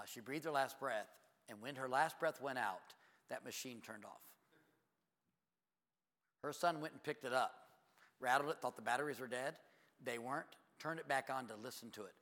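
A man preaching a sermon as a pastor, telling stories in an animated way and jumping to loud, high exclamations. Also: big-room sound.

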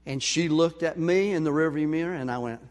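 A man preaching a sermon, telling a story with lively acted-out voices. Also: on the high side, a little fast, noisy background. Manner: animated storyteller, acts out voices. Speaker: pastor. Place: church sanctuary. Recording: long hall reverb.

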